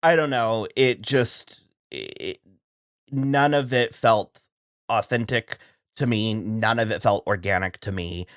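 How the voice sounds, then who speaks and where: A man's voice: on the low side, slow, fairly bright tone, dry recording. Exasperated man in a dry room. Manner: frank, exasperated, restarts often. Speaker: podcast co-host. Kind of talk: casual recap chat.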